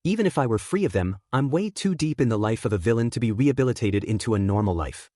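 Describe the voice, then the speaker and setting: A man's voice: medium pitch, animated, fast talker, warm tone, dry recording, clean studio sound, lightly acted. A man voicing an anxious teenage boy villain who is hurt and doubts himself, in a wavering, emotional delivery.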